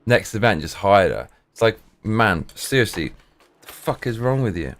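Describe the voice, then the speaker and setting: A man's voice: on the low side, big pitch swings, normal speed, fairly bright tone. A man streamer telling rambling, profane stories in casual chat, full of restarts and swearing.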